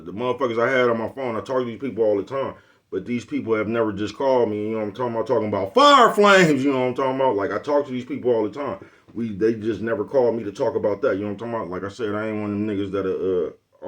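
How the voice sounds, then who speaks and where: A man vlogging on his own channel in a casual, rambling way. He sounds laid-back and boastful, chuckles between phrases, and keeps asking whether you know what he's talking about. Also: lowish voice. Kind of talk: casual rambling vlog talk.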